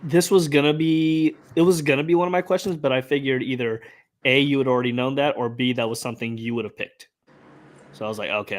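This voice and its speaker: A man co-hosting a laid-back streamed trivia show. He mulls over answers out loud, trailing into strings of ums and uhs. His voice sits in an ordinary middle pitch. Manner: thinks aloud with many fillers. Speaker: trivia contestant and co-host. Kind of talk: casual live-stream chat.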